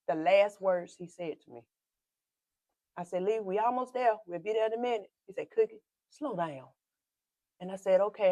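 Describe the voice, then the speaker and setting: A woman pastor with a South Carolina accent gives a personal testimony as a podcast guest. She tells the story emotionally, acts out the dialogue, and often drops to a hushed whisper. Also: mid-range voice, no room sound. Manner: repeats and re-enacts dialogue with quoted speech.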